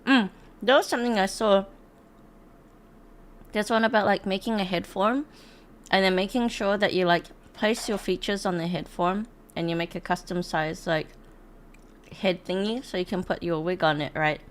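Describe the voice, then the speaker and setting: A woman's voice: mid-range voice, normal speed, a little hiss or hum. Young woman, streamer, casual chat, giggly, rambling, lots of fillers. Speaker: streamer reacting to videos.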